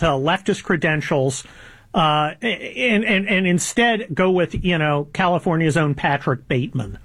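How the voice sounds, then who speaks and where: A man's voice: a little high, fairly bright tone, slightly rough, no echo. A man in his fifties hosting a talk, voicing opinions in a sardonic, rambling way with many fillers. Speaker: podcast host. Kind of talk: opinionated conversational commentary.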